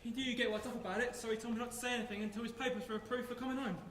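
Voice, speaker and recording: A man acting a calm, reassuring wartime father in a live stage play. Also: extremely high pitch, very fast, far from the mic, slight background noise. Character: reassuring wartime London father, middle-aged, steady. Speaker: stage actor. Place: theatre stage. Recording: echoey theatre stage with faint ambience.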